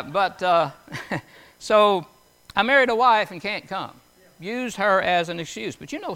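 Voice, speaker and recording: An older man delivers a folksy sermon in a high, ringing voice. He moves between scripture readings and homespun stories, often putting questions to the congregation. His tone is bright and chatty. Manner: conversational, asks the audience questions, tells homely stories. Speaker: preacher.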